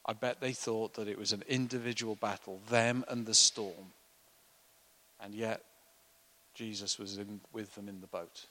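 A man preaching a sermon, animated and acting out the voices of people in the story. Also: on the low side, measured pace, poor audio. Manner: animated, acts out voices of the disciples.

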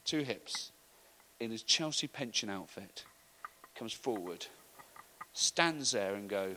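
A middle-aged man telling an animated story in a sermon, acting out the voices of the people in it. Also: on the low side, takes it slowly, rough recording. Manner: animated storytelling, acts out voices, laughs often. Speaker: preacher. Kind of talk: sermon anecdote.

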